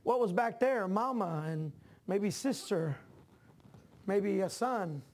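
High-pitched guy preaching a sermon, gets loud and animated, talks to the crowd casually. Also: slow. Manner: animated preaching that climbs to shouts; conversational asides to the congregation. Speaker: pastor.

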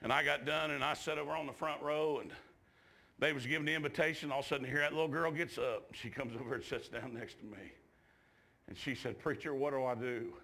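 A man preaching a revival sermon in a church, drawling folksy asides and shouting at the climaxes. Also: mid-range voice, fairly even intonation, a little fast, vocal fry.

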